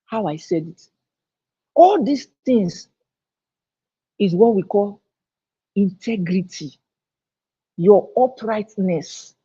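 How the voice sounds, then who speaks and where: Male teacher, husky voice, emphatic and repetitive, dull-sounding live-stream recording. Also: high-pitched, animated, takes it slowly, pauses often, warm tone. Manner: emphatic, repeats key phrases. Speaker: online teacher. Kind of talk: live online lecture. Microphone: own microphone, recorded on camera.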